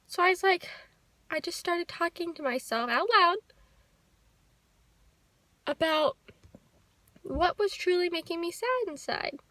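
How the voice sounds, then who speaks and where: A young woman talking to the camera in a personal vlog, soft, heartfelt and reflective. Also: extremely high pitch, expressive, unhurried, long pauses, no room sound. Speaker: vlogger. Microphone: handheld camera.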